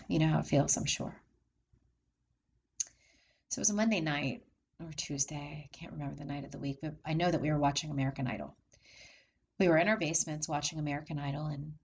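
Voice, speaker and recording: A woman's voice: low voice, creaky, breathy edge, rough recording. A woman telling her own life story as a candid monologue, repeating phrases and asking the listener rhetorical questions. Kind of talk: personal testimony monologue.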